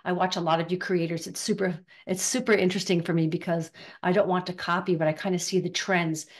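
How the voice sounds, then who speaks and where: Older woman, casual spiritual talk to camera, chatty and riffing, lower register. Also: flat delivery. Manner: chatty, riffing, acts out gossip in quick voices. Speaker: spiritual teacher.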